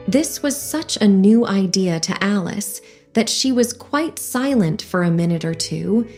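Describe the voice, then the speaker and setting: A woman narrating an audiobook in a measured storytelling manner. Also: mid-range voice, expressive, darkish tone, soft background music. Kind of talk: scripted narration.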